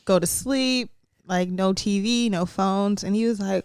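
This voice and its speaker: Young woman chatting candid on a podcast, laughs a lot, smooth clear voice, dry sound. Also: medium pitch, unhurried, darkish tone, no room sound. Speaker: podcast co-host. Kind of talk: casual chat.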